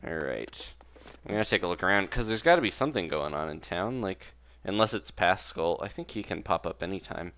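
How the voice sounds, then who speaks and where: A man's voice: deep voice, animated, a little fast, a bit bright, clean tone. A young man giving casual, rambling commentary while playing a game, laughing often and second-guessing himself. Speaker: let's play host.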